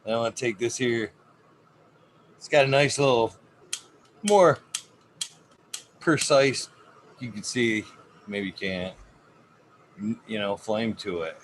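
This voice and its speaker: A man's voice: mid-range voice, slow pace, long pauses, slight background noise. A man hosting a casual livestream, talking laid-back and swearing a lot as he narrates each step he takes. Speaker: livestream host.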